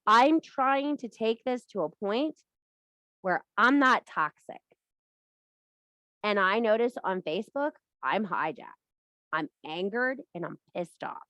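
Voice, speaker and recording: A woman's voice: mid-range voice, lively intonation, slow, pauses often, a bit bright, no echo. Blunt, swearing woman giving a spiritual talk. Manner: blunt and profane, emphatic repetition. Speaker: witchcraft teacher and live streamer. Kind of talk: casual spiritual pep talk.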